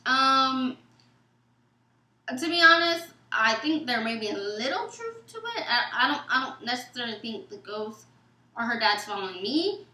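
A woman guest telling a story in a casual chat, animated and acting out what others said, in loose informal speech. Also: a little high, normal speed. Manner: animated, acts out quoted texts and dialogue. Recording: echoey room.

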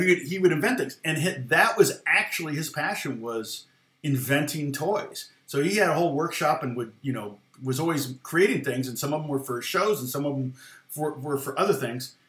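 Rambling middle-aged man, bright echoey tone. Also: fairly high pitch. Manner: rambling, many fillers and restarts, laughs often. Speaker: guitar teacher. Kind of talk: casual storytelling aside.

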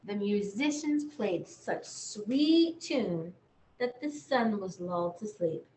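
Gentle woman storyteller, lilting and unhurried, bedtime read-aloud for kids. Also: medium pitch, animated, slight background noise. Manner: gentle, sing-song, talks to children. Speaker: children's librarian. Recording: echoey room.

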